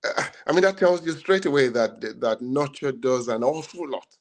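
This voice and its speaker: A man's voice: medium pitch, expressive, moderate pace. Rambling man in podcast debate. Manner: rambling, many restarts and fillers. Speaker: podcast co-host. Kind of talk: casual debate chat.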